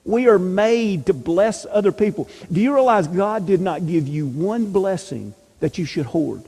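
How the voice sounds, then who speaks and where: Church class teacher, male, mellow slightly high voice, emphatic rhetorical delivery, long hall reverb. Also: animated, measured pace, breathy edge. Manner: emphatic, asks rhetorical questions. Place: church meeting room.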